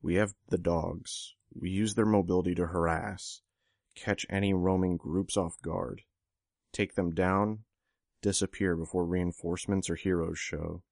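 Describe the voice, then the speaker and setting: A man voicing a blunt, gruff young male fighter in an audiobook. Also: deep voice, steady tone, measured pace, darkish tone, no echo, studio quality. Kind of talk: audiobook character voice.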